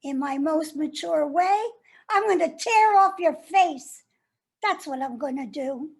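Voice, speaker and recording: In a stage monologue, an actress plays a jilted woman who grows bitter and sardonic while speaking to her former lover. Her voice sits high and moves a little slowly, with some vocal fry.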